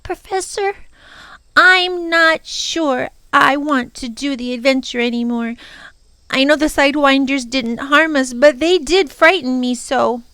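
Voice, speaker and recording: A woman voicing a high, spirited young girl. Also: a little slow, pushed and bright, dry recording, full character voice. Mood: tearful. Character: brave, emotional young girl, outspoken. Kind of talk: storybook reading aloud.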